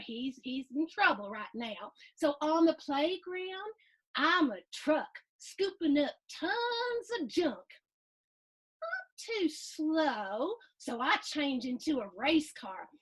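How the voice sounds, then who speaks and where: A middle-aged woman, reading a picture book aloud to children with animated gasps and playful asides. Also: high voice. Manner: animated, gasping, playful asides to young listeners. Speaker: storytime host reading to children.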